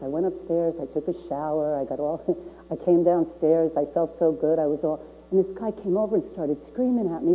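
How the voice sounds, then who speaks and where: A woman's voice: low voice, moderate pace, mellow, low-quality recording. An older woman minister giving a sermon, earnest and repeating key phrases for emphasis.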